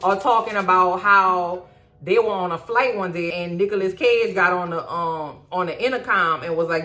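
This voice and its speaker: A woman vlogger casually recapping a documentary with sassy, slangy, profane commentary and animated asides. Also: fairly low pitch, normal speed, faint music behind.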